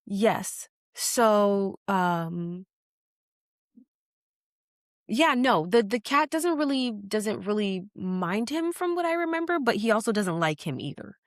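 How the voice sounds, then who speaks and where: Animated woman retelling a show. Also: medium pitch, slow pace, no echo, clean studio sound. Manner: animated storytelling, acts out quoted lines. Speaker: podcast co-host. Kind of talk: casual chat recapping a show.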